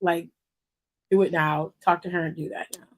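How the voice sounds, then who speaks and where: A woman's voice: fairly low pitch, fairly even intonation, moderate pace, a little hiss or hum. A woman co-hosting a wrestling podcast, chatting casually with lots of fillers and giggles. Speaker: podcast co-host. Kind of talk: casual chat.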